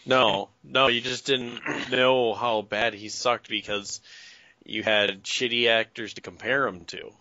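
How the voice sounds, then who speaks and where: A man's voice: mid-range voice, fairly even intonation, measured pace, bright, forceful tone, no room sound. A man in casual chat, blunt and rambling, swearing now and then. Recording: dull dry lo-fi sound.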